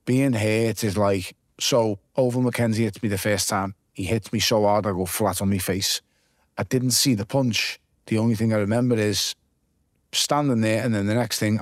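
A man's voice: fairly low pitch, dry recording, studio quality. A man with a Liverpool accent, a former boxer giving a casual interview and recounting his fights blow by blow, swearing freely. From Liverpool, England.

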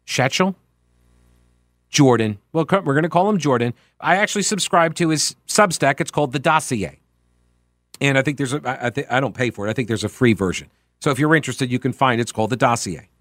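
A man's voice: medium pitch, fast talker, fairly bright tone, no echo, clean studio sound. A man hosting a political talk radio show, speaking in an opinionated, sarcastic and emphatic way.

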